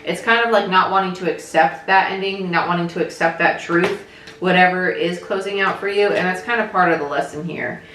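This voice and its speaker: A woman's voice: lowish voice, fairly quick, a bit bright, a little hiss or hum. A young adult woman giving a casual tarot reading, thinking aloud and often checking in with her listeners. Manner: chatty, thinks aloud, frequent "right?" check-ins. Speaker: tarot reader. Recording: echoey room with faint music.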